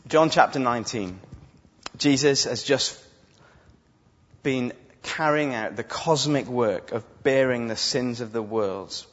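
A man's voice: medium pitch, animated, unhurried. A man preaching an impassioned, emphatic sermon, acting out quotes as he goes. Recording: dull sound with long hall reverb.

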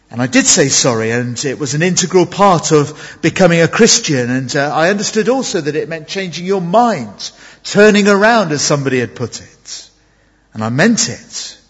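A man preaching an evening sermon in church, earnest and emphatic, pausing and restarting as he goes. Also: a little high, breathy edge. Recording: dull sound with long hall reverb.

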